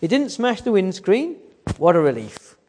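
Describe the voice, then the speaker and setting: A man's voice: high-pitched, huge pitch swings, moderate pace, a little mellow. A man preaching a sermon, telling the story and asking the congregation rhetorical questions. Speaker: guest preacher. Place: church hall. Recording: church service recording with long hall reverb.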